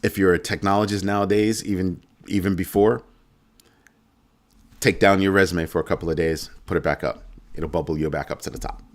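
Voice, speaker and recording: A man's voice: deep voice, steady tone, fairly quick. A middle-aged man hosting a finance channel, delivering a heated, sarcastic rant with strong emphasis. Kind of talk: ranting monologue.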